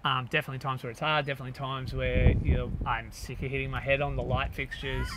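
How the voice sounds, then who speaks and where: A man's voice: mid-range voice, fast talker, heavy background noise. Dry-humoured Australian man. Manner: dry, deadpan humour, relaxed. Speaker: co-host, father. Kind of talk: casual chat.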